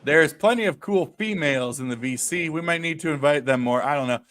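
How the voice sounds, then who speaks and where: A man's voice: fairly high pitch, brisk, fairly bright tone. A man hosting a casual podcast chat, rambling and restarting his sentences often. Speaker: host.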